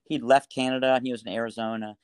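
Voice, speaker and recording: A middle-aged man, a doctor talking through a story and advice in a casual interview, animated, with frequent restarts. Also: mid-range voice, quick pace, clean tone, no echo. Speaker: pediatric doctor guest.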